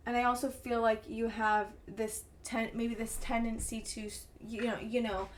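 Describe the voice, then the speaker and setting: A woman's voice: on the high side, level tone, normal speed. A woman giving a casual tarot reading to camera, effusive and encouraging, rambling and restarting her sentences. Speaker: tarot reader.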